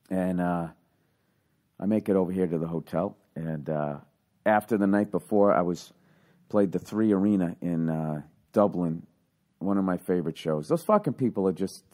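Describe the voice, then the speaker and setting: A man and stand-up comedian telling a story in casual chat, profane and animated. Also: lowish voice. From United States.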